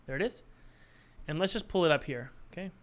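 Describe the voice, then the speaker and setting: A man's voice: fairly high pitch, brisk. A young man chatting casually on a live stream, joking and thinking aloud while he works on his game.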